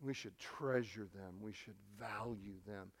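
A man's voice: fairly low pitch, measured pace, no room sound. A middle-aged male pastor preaching a sermon, telling a family story in an earnest, storytelling way with frequent restarts.

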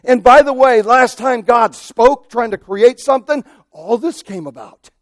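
A male pastor preaching a sermon, animated, acting out quoted voices and swinging from loud to hushed. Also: extremely high pitch, a little slow, dry recording, clean studio sound.

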